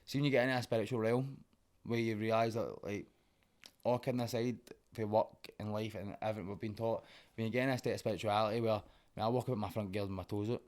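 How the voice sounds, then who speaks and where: A man's voice: fairly low pitch, steady tone, quick pace, a little mellow. A young man with a Glaswegian accent, a guest in a casual podcast conversation, rambling and swearing as he talks. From Scotland.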